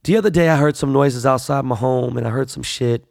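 A man's voice: medium pitch, brisk, gravelly, darkish tone, dry recording, studio quality. A man in a blunt, profane, slangy casual monologue, repeating himself for emphasis.

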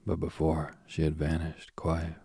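A man reads a myth as a sleep story, slowly and soothingly, sinking now and then into a whisper. His voice is extremely low and gravelly, with a breathy, husky texture. The sound is close and dry. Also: completely flat delivery, mellow, no echo. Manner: slow, soothing, drifting into whispers. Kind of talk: bedtime story reading.

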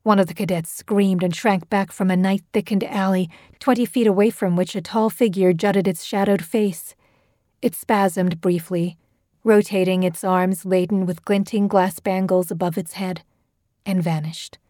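A woman reading a horror story aloud with a measured, steady storytelling delivery. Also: medium pitch, no room sound, clean studio sound. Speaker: narrator. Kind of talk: scripted horror story narration.

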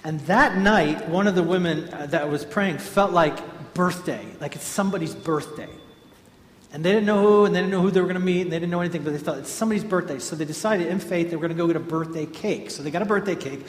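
A man preaching a sermon, telling a story in a lively conversational way to a congregation in a large hall. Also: sits high, quick pace. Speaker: pastor. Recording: echoey hall, faint ambience.

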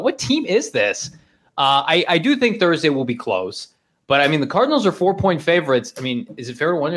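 A man co-hosting a podcast, chatting about football in a lively, joking way. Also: medium pitch. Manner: animated, joking, laughs easily. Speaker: podcast co-host. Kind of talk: casual sports podcast chat.

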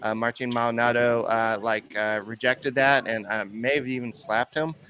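A man's voice: mid-range voice, little pitch movement, normal speed, pushed and bright, slight background noise. A man co-hosting a sports podcast, recapping a game in an easygoing, rambling way. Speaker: podcast co-host. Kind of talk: casual sports chat.

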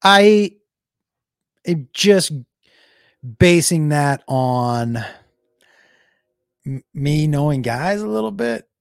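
Animated comedian telling a story. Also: male voice, fairly high pitch, drawn-out words, vocal fry, pauses often, clean tone, dry recording, clean studio sound. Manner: animated, jumps into shouted impressions.

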